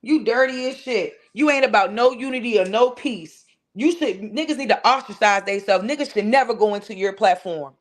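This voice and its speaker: A fiery woman with a D.C. tears into someone on her live stream. Her voice sits a bit high and flies higher when she yells. The talk is profane and cutting, with sudden shouts. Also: normal speed. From Washington, D.C. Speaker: channel host ranting on a live stream. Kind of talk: heated live-stream rant.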